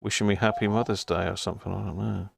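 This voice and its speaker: A man's voice: lowish voice, fairly even intonation, fast, gravelly, husky, no echo, studio quality. A man hosting a live stream, chatting casually and muttering to himself while repairing a radio. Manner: chatty, self-deprecating, muttering while working.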